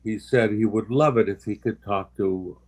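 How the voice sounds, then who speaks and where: An older man with a fairly low voice, a guest sharing anecdotes in a relaxed, unscripted way. He pauses, backtracks and restarts often, and his stories can turn emotional. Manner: halting, with many pauses and restarts; gets emotional while recovering. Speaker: special guest. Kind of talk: casual anecdotal storytelling.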